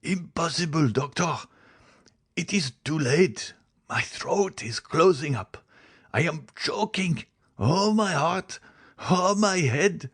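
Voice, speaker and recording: A man's voice: fairly high pitch, lively intonation, takes it slowly, fairly bright tone, breathy edge, pitched above the performer's own voice, exaggerated voice. A man voicing a dying old male servant, gasping and pleading in anguish. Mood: agonized.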